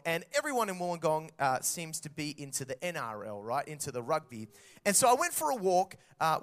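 A man in his thirties with an Australian accent, preaching a sermon and telling stories with lively acted-out quotes. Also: fairly high pitch. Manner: animated storytelling with acted-out quotes. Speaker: pastor.

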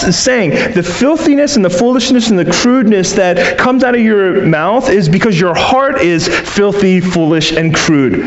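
High-voiced preacher in an echoey room. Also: male voice, highs cut off. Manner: earnest preaching with rhetorical questions and quoted asides. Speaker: pastor. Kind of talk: sermon.

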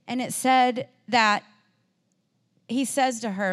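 A woman's voice: fairly high pitch, fairly even intonation, takes it slowly, a bit bright. A woman preaching a sermon in an earnest, conversational way, acting out the feelings of the people in the story. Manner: earnest, acts out the disciples' and Mary's feelings in quoted voices; conversational, with fillers and restarts.

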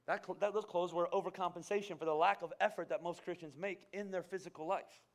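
High-voiced preaching man. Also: steady tone, fast talker. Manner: conversational, rising to fervent emphasis. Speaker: pastor. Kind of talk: sermon.

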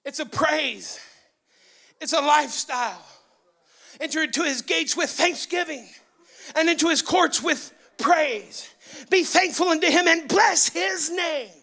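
High, bright-voiced excitable preacher man. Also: a little slow, creaky. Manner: loud, excitable preaching that rises into yelling. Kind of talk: sermon. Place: church sanctuary.

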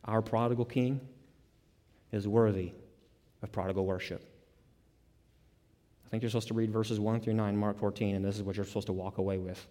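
Male preacher, sermon, emphatic repeated lists, lowish voice, long hall reverb. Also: steady tone, fairly quick, pauses often, mellow. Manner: emphatic, builds repeated word lists, rising bursts.

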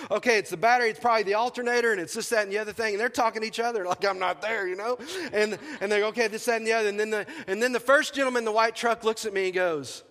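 A man's voice: high voice, fairly bright tone. A man preaching as a pastor, telling a story and acting out the dialogue. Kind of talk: storytelling sermon. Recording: long hall reverb.

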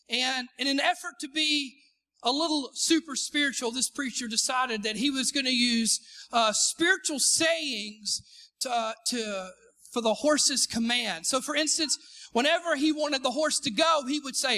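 A male pastor with an unusually high voice delivers a sermon in a church sanctuary. His tone is bright and forceful. He cracks self-deprecating jokes and calls for the congregation to shout back. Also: moderate pace. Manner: joking, calls for responses from the congregation. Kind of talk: live sermon.

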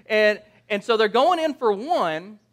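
A man with a high voice delivers a sermon in a loose, conversational way. He jokes, keeps asking his listeners "right?" and often restarts or corrects himself mid-sentence. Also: expressive, unhurried, fairly bright tone. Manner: conversational, jokey, asks the audience "right?". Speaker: pastor.

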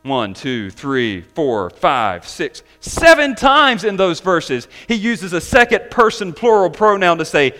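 A man preaches from the pulpit in a high, ringing voice. He drives his points home, stretching out the words he wants to land. The delivery is bright and forceful. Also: big pitch swings. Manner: emphatic preaching, slowing down to stress key words. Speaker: pastor. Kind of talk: sermon.

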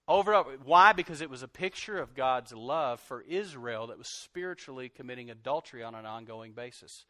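A middle-aged man preaching a sermon, animated, swinging from loud outbursts to soft, confessional lines. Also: mid-range voice, brisk, few pauses, no echo, clean studio sound. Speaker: pastor.

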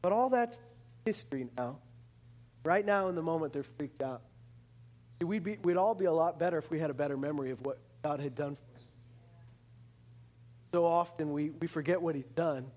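A man preaching a sermon in an animated way, repeating words and restarting phrases as he acts out the people he talks about. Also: moderate pace, long pauses. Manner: animated, acts out the complaining Israelites in a higher voice.

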